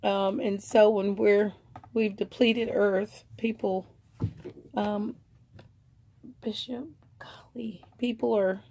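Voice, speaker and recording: Woman, online seller, chatty show-and-tell, gravelly voice, husky tone. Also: mid-range voice, level tone, slow, dark tone. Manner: rambling and chatty, many fillers.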